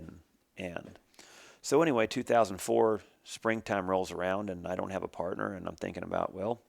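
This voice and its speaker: Middle-aged man from Oregon, deep and gravelly, casual rambling storyteller, dry close mic. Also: no room sound. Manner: rambling, restarts, plain country talk. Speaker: team roper telling his story.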